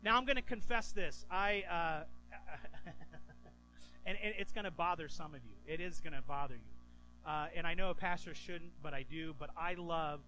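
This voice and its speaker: Animated high-voiced male pastor preaching. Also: normal speed, faint music behind, poor audio. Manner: animated storytelling, stammering restarts. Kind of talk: sermon.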